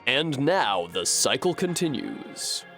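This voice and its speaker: A man streaming a video game, chatting casually and thinking aloud to his viewers, swearing freely and getting animated. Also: mid-range voice, takes it slowly, music in the background. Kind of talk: casual live-stream chat while gaming.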